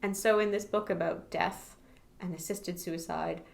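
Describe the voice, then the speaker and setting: A woman's voice: fairly low pitch, fairly even intonation, a little slow, vocal fry. A woman co-hosting a podcast, talking casually about a book and laughing often. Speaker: podcast co-host.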